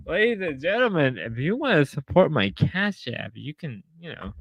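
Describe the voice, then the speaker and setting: A man's voice: a little high, very animated, moderate pace, hardly any pauses, no room sound. A drunk man livestreaming in casual chat, rowdy and rambling, whooping between lines.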